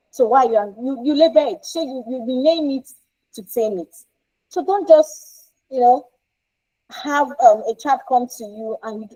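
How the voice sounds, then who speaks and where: A woman's voice: fairly high pitch, warm tone, lo-fi sound. A woman counsellor teaching parents in an informal, emphatic way, often repeating herself and checking in with "right?".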